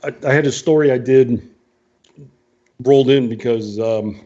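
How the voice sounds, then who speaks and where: Sarcastic man with a mellow voice. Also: medium pitch, unhurried. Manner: sarcastic, mocking. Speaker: radio show co-host. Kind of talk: casual political banter. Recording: dull lo-fi online radio audio.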